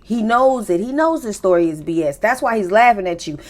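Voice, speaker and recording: A woman hosting a casual reality TV recap, talking in lively slang, laughing often and throwing in teasing, disbelieving asides. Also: mid-range voice, brisk. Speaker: recap show host.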